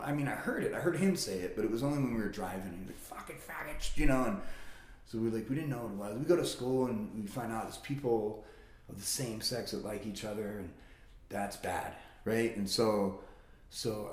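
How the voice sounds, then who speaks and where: A man casually telling stories about his childhood, swearing freely and jumping into high-pitched impressions of his relatives. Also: a little mellow. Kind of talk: casual conversation. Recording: roomy echo.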